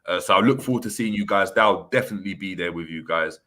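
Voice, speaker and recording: A man hosting a casual football livestream, chatty and relaxed with lots of fillers. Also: deep voice, fast. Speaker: host.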